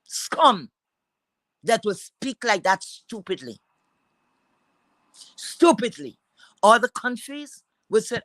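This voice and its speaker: A woman's voice: mid-range voice, expressive, a little slow, pauses often, fairly bright tone, dry recording, poor audio. A woman with a Caribbean accent ranting to her viewers in a scornful, profane way, repeating words for emphasis. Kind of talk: angry rant to viewers.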